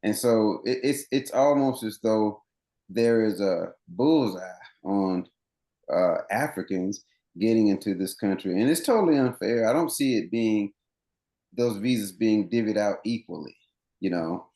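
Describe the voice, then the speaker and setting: A man's voice: fairly low pitch, lively intonation, measured pace, dark tone, echoey room. A man running coach, interviewed as a guest on a podcast, explaining things earnestly at length with many restarts.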